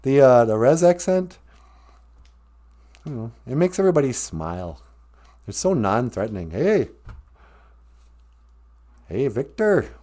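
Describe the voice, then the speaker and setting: A man's voice: mid-range voice, sing-song, normal speed, long pauses, dark tone. Brief: male stream host, rambling comedic chat, laughs at his own jokes, mid-range voice. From Ojibwe reservation, US. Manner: joking, rambling, laughs often.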